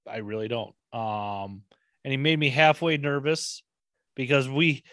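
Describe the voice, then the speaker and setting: A man's voice: medium pitch, fairly even intonation, a little slow, fairly bright tone, dry recording, studio quality. Profane, rambling male podcast host. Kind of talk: casual chat.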